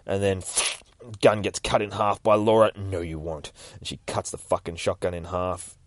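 Casual, sweary male comic reviewer, low voice, dry close sound. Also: fairly even intonation, moderate pace, no room sound.

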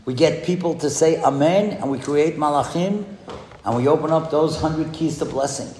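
Animated male speaker in an echoey hall. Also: moderate pace, a little hiss or hum. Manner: animated, rhetorical questions, swings pitch widely for emphasis. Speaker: rabbi speaking to a school audience. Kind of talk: sermon with storytelling. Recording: echoey hall, heard from a distance.

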